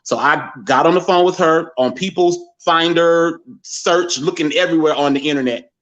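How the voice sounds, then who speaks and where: A man in his forties from the American Midwest, telling a personal story as a guest and acting out other people's words in lively quotes. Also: fairly high pitch, normal speed, dull audio. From Gary, Indiana, USA. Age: 40s. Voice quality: animated storyteller who acts out others' words.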